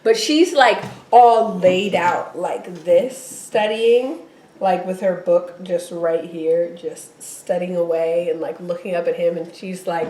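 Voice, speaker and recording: A woman's voice: lowish voice, slow pace, echoey room. A woman co-hosting a podcast, casually recapping a TV episode and acting out the characters' lines in put-on voices. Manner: animated, acts out characters' lines in quoted voices. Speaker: podcast co-host.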